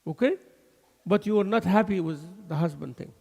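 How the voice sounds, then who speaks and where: Animated man teaching in an echoing mosque. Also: high-pitched, moderate pace, creaky, breathy edge. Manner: animated, switching between English and Arabic, laughing asides. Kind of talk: mosque lesson. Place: mosque hall.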